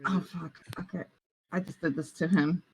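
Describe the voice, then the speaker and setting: A woman's voice: lowish voice, steady tone, darkish tone, breathy edge, rough recording. A woman playing in a tabletop game, reacting and talking in character. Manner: reactive, drawn-out player talk. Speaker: player. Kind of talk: casual tabletop play.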